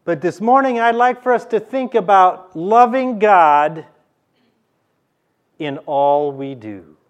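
Slow, emphatic male preacher. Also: high-pitched, expressive. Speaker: pastor. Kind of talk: sermon.

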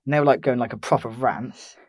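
A man's voice: medium pitch, fairly even intonation, fast talker, no echo. A young man from England telling a rambling holiday story in casual chat, with lots of fillers and restarts. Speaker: podcast co-host.

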